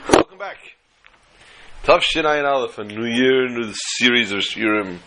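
A man's voice: medium pitch, unhurried, bright, forceful tone, poor audio. Male rabbi, casual storyteller giving a Torah class with jokes. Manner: chatty storyteller, acts out jokes. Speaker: rabbi teaching a weekly class.

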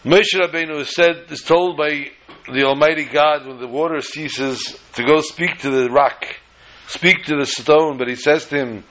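A man's voice: on the high side, moderate pace, fairly bright tone, low-quality recording. A man telling a story in a sermon, acting out the dialogue with animation.

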